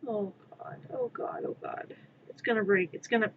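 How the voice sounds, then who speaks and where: A woman's voice: medium pitch, normal speed, narrow, tinny audio, a little hiss or hum. A woman streaming live from her room as she works on a craft, talking to herself and half-whispering pleas at her work. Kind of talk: live-stream self-talk while crafting.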